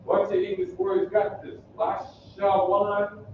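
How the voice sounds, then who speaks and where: A man from Detroit teaching a basic Hebrew class, drilling pronunciation slowly and coaxing the class to answer. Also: medium pitch, a little hiss or hum. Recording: echoey room, distant dull mic.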